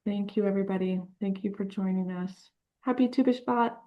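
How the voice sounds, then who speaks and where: A woman co-leading a virtual gathering, softly thanking everyone with pauses on a video call. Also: mid-range voice, steady tone, highs cut off. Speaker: co-leader.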